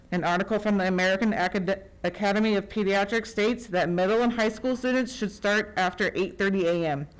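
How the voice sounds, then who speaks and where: Student speaker, clean smooth voice, formal steady read of prepared remarks. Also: medium pitch, low-quality recording. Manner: formal, steady, reads citations. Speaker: student speaker at school board meeting. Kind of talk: reading a prepared statement.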